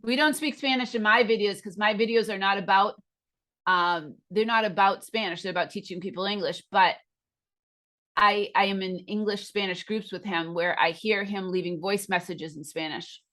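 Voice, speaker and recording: A woman's voice: medium pitch, moderate pace, sharp tone. An American woman who teaches English, explaining things in an enthusiastic, chatty way during a casual video call conversation. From United States.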